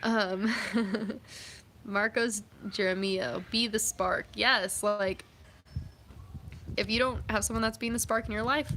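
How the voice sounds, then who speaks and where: A woman's voice: medium pitch, steady tone, takes it slowly, long pauses, fairly bright tone, a little hiss or hum. A young woman vlogging, chatting casually and reading out viewer comments, upbeat and full of fillers. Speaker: vlogger and athlete.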